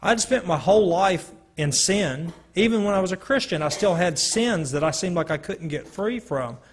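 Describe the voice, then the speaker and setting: A man telling his personal testimony to a live audience, slowly and earnestly, with dramatic pauses. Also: high voice, expressive, a little hiss or hum. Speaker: speaker giving a personal testimony.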